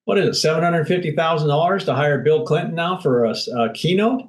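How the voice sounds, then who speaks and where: A man's voice: a little high, lively intonation, fast talker, rough recording. Blunt, emphatic man. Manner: blunt, emphatic, acts out quotes. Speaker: guest speaker. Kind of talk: candid interview talk.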